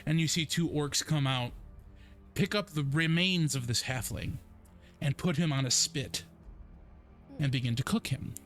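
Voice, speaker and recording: A young man narrating a tabletop game as game master, unhurried and descriptive with frequent ums. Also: on the high side, fairly bright tone. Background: faint background music.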